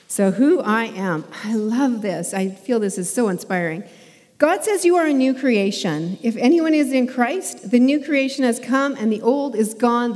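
A woman's voice: medium pitch, darkish tone. A woman preaching a sermon in a chatty, conversational way, laughing now and then and using plenty of fillers. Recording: long hall reverb.

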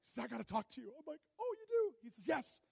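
Animated guy preaching, fairly high voice, dry close sound, acts out the dialogue in his story. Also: rapid-fire, gravelly, breathy edge, no echo. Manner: animated storyteller, acting out dialogue and swinging from hushed to loud. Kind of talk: sermon storytelling.

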